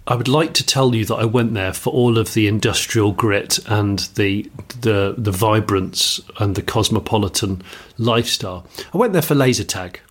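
A man's voice: on the low side, moderate pace, hardly any pauses, husky. A middle-aged man from England co-hosting a podcast, talking enthusiastically in rambling casual chat. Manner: rambling, enthusiastic, many restarts. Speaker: podcast co-host.

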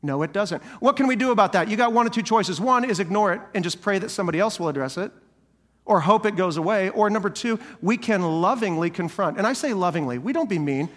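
High-voiced male pastor preaching. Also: quick pace, long reverb tail. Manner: animated preaching, acts out quoted complainers. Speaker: senior pastor. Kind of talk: sermon.

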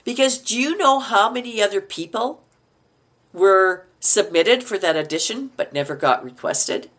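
A middle-aged woman from Canada, a guest telling stories in a casual interview, animated and quick to laugh, acting out the lines she quotes. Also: mid-range voice. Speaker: podcast guest, actor.

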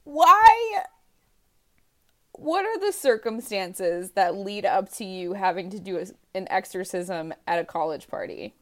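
A woman's voice: mid-range voice, expressive, a little slow. A woman hosting a casual podcast, laughing often and reading out a guest's introduction. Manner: giggly, reads guest intro. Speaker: podcast host.

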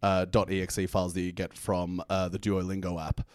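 A man guest in a comedy persona, telling absurd stories in a dry, rambling deadpan. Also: low voice, a little fast, clean tone, no room sound.

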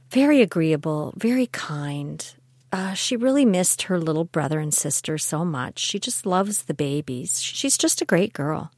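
A woman's voice: on the low side, dry recording. An older woman, a grandmother, telling personal stories in a chatty, candid and reflective monologue. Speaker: podcast host.

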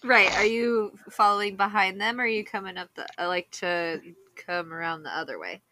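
A woman's voice: mid-range voice, expressive, moderate pace, bright, forceful tone. A woman narrating a tabletop game as game master, laughing often and using many fillers. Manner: giggly, filler-heavy narration.

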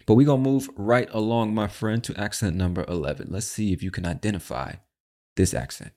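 A male podcast host with a very low, deep voice chats casually about accents. He speaks directly to the listener, calling them "my friend," in an easygoing style. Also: a little fast, dark tone. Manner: chatty, addresses the listener as "my friend". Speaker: host of an English-learning show.

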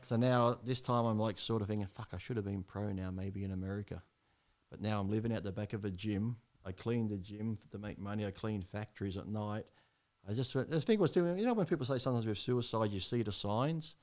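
A man's voice: fairly low pitch, a little fast, a little mellow. A man, a podcast guest telling his story in a blunt, rambling way with heavy swearing.

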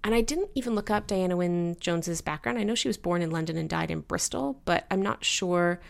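A woman co-hosting a casual book discussion, chatty and animated, laughing often and filling her talk with "like". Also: on the low side, fairly quick, gravelly. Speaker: book podcast co-host.

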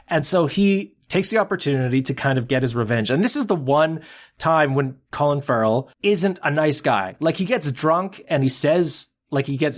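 A man co-hosting a podcast in casual chat, retelling scenes in an animated way and swearing freely. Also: fairly high pitch. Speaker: podcast co-host.

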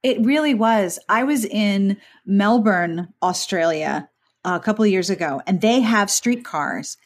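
A woman's voice: mid-range voice, animated, unhurried. An enthusiastic woman hosting a podcast chats eagerly with her guest, tossing in playful asides. She grew up in Pittsburgh and keeps her talk loose and friendly. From Pittsburgh, USA. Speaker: podcast host.

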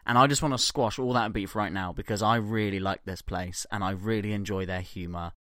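A man's voice: fairly low pitch, steady tone, fairly quick, fairly bright tone, no room sound, clean studio sound. Swearing, jokey man on a podcast. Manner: profane, jokey, laughs often. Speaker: podcast co-host. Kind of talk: casual podcast banter.

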